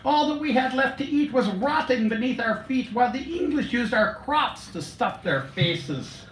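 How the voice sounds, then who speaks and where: A man's voice: very high voice, lively intonation, moderate pace, a bit bright, slight background noise, pitched above the performer's own voice. A man voicing an impassioned ancestral ghost. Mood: indignant. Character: grieving angry male Irish ancestor ghost. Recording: roomy cafe, distant mic.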